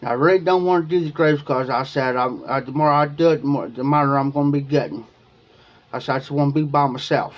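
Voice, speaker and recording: Speaking briskly in a mid-range voice, a male streamer from Ohio chats casually with his audience, winding through a long story about himself with repetition and quoted remarks. The recording's highs are cut off.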